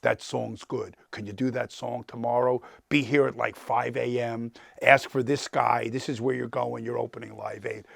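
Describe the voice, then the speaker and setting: A man's voice: medium pitch, vocal fry, dry recording, clean studio sound. A talkative man in his sixties with a New York accent, telling stories and quizzing a class as a guest lecturer. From New York, the Bronx. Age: 60s. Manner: talkative, animated, quizzes the audience. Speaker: guest lecturer, entertainment attorney.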